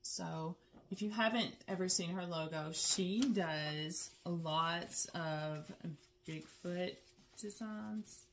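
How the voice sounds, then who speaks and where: A woman's voice: fairly low pitch, slow pace, a little hiss or hum. A middle-aged woman, chatting casually and with animation as the host of her stitching vlog. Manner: chatty and animated, laughs often, says "girl" and "y'all". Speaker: flosstube host.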